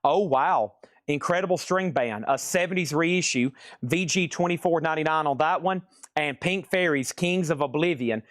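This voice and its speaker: Here a live auction host with a fairly high, fairly bright voice sells records online, making rapid price calls and joking with viewers between lots. The recording is clean studio sound without echo.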